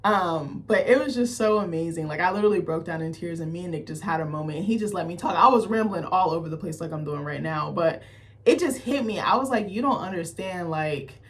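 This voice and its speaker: A young adult woman telling a rambling, animated story straight to her camera, full of "like" and quoted asides. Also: lowish voice, fairly quick. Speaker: vlogger. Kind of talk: casual chat to camera.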